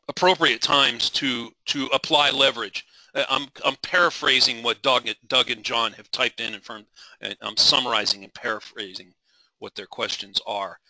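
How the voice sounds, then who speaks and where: A man's voice: medium pitch, sharp tone, no echo, rough recording. A middle-aged man leading a live trading webinar, passionate and driven, rambling with frequent restarts and apologies.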